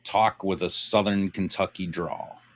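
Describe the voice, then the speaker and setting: A man's voice: sits low, fairly even intonation, measured pace, no room sound. A man hosting a casual chat, cracking dry, teasing jokes. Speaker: host.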